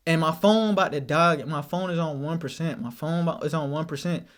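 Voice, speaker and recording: A young man vlogger telling a casual story, animated and slang-heavy, often repeating his phrases. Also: fairly high pitch, fairly quick.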